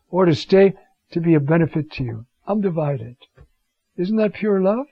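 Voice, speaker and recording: A man preaching on scripture in an animated way, with rhetorical questions and sudden leaps in pitch. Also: normal speed, vocal fry, pauses often, breathy edge, no room sound. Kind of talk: sermon on scripture. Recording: dull, lo-fi dry recording.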